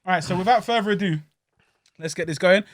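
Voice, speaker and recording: A man's voice: high-pitched, fast, dry recording, studio quality. A man co-hosting a podcast, bantering casually and talking with his mouth full. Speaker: podcast co-host. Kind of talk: casual banter during an eating challenge.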